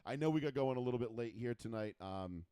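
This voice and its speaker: A man's voice: mid-range voice, expressive, quick pace, mellow, clean tone, no echo. A man hosting a casual talk show, bantering in a brash, joking, boastful way. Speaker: podcast host. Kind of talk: casual chat.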